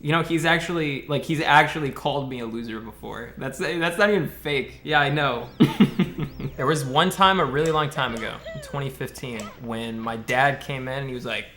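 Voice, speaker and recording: A man's voice: medium pitch, moderate pace, pushed and bright. A young man live-streaming a speedrun, chatting with his viewers in a blunt, profane, joking way. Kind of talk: casual live-stream chat while gaming. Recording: game music playing clearly underneath.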